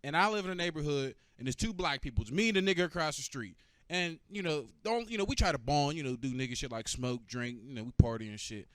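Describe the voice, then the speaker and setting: Young male stand-up comic, fairly high voice, profane, teasing the crowd, dry and close. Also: fast talker, smooth, no echo. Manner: animated, profane, bantering with the crowd. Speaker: stand-up comedian. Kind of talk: stand-up comedy.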